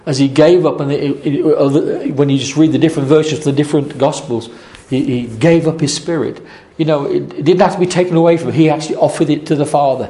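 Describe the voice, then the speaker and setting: Casting: male preacher, earnest sermon delivery, warm mellow tone, halting restarts. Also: on the high side. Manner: earnest, repeating phrases, many restarts.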